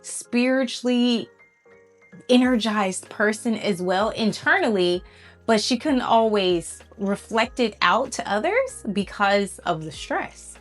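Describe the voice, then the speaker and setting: A woman vlogger talking to her viewers, telling a story in a casual, animated and encouraging way. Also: mid-range voice, slow pace, faint music behind.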